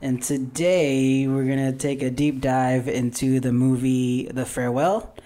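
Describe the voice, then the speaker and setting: A young man hosting a casual podcast, talking in a relaxed, earnest way with plenty of fillers. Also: mid-range voice, measured pace. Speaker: podcast host. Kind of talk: casual chat.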